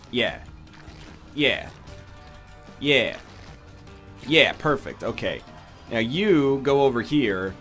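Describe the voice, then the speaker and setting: A man's voice: mid-range voice, a bit bright. A man with a congested, nasal voice, giving rambling, jokey commentary as he plays a game. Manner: rambling, jokey, tangent-prone. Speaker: gaming YouTuber. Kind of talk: let's play commentary.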